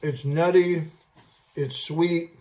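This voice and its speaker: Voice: mid-range voice, steady tone, darkish tone. Gushing food vlog host tasting candy. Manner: gushing, repeats "I love", halting fillers. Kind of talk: casual food tasting review.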